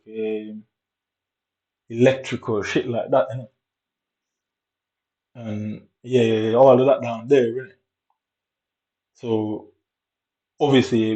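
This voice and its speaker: A young man rambles through a story, tagging nearly every sentence with a question and leaning on fillers. He speaks at an ordinary mid pitch. The recording sounds a little dull and lo-fi. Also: warm tone. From Jamaica. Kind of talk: casual storytelling vlog, walking tour of his old school.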